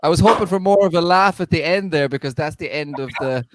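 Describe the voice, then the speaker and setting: A man's voice: fairly high pitch, fast talker, no echo. A young man doing a stand-up set on a video call, rambling and self-deprecating with stammering restarts. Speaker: stand-up comedian. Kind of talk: online stand-up set and casual chat.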